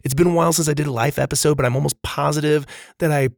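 A man's voice: fairly high pitch, fairly even intonation, racing, gravelly, no echo. Upbeat male kids' podcast host, dry sound. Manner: upbeat, friendly, calls listeners dude and bud. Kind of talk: casual chat to young listeners.

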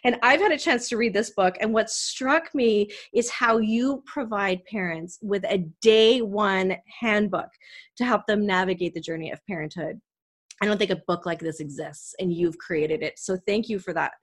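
With a medium-pitched voice and a moderate pace, a woman from Canada hosts an emotional conversational podcast interview. She talks earnestly and from the heart about something personal.

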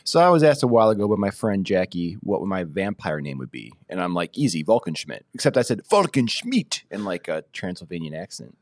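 A man's voice: low voice, sing-song, fast, hardly any pauses, no echo, studio quality. A man co-hosting a podcast, chatting casually in a playful, joking way. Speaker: podcast co-host.

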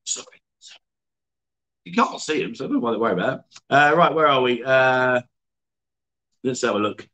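A man's voice: mid-range voice, expressive, fairly quick, pauses often, pushed and bright. A man hosting a casual livestream, chatty and upbeat as he greets viewers and reads out their comments. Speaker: livestream host. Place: indoors at a venue.

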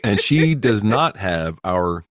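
A man with a Southern US accent, co-hosting a podcast with a low, deep voice. He talks in a playful, teasing way. The recording is dry and close. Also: very animated, slow pace, dry recording. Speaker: podcast co-host. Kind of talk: casual podcast chat.

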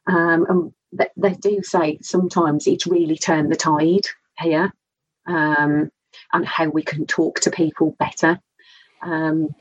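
A woman, a mental health first aid trainer, talking casually on a podcast, chatty and quick to laugh. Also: sits low, little pitch movement, slightly rough, dry recording, dull audio. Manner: chatty, laughs often, digresses. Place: studio.

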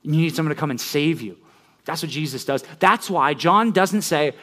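Male pastor, higher-set voice, casual sermon delivery, engages listeners with questions. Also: expressive, normal speed, fairly bright tone. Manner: conversational, frequent "right?" questions to listeners; storytelling with rising intensity.

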